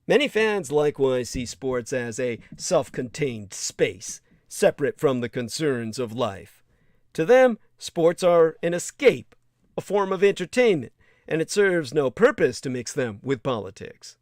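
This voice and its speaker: A man with a fairly high voice delivers an indignant livestream monologue. He reads aloud and cuts in with blunt, profane remarks. The sound is close and dry. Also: very animated, measured pace, darkish tone, no echo. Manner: indignant, blunt, swears freely. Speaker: livestream host. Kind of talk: monologue reading and commenting.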